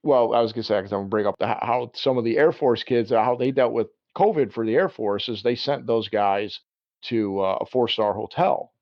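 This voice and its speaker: A man's voice: medium pitch, a little fast, no echo. A man hosting a casual podcast chat, rambling and laughing often. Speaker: podcast host, Marine veteran. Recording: dry lo-fi podcast audio.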